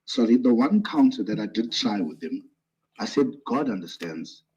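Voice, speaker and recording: Soft-spoken, husky man on a dull line. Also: on the low side, animated, moderate pace. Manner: soft-spoken, relates what others told him, hesitant. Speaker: guest on a live stream. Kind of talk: casual conversation.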